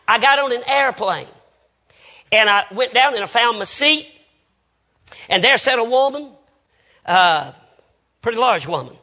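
A man's voice: high voice, bright, forceful tone. A Baptist preacher man, telling folksy anecdotes with quoted dialogue in a storytelling sermon.

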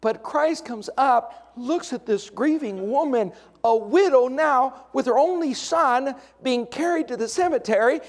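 A middle-aged male pastor preaching a sermon, moving between hushed, intimate lines and raised, emphatic points, with folksy humorous asides. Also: very high voice, a little slow, few pauses.

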